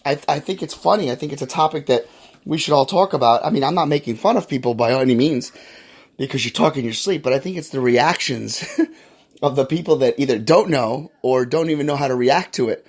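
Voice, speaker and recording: A man's voice: mid-range voice, a little fast. Chatty male podcast host telling stories. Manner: chatty, rambling, with many fillers. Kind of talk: casual storytelling monologue.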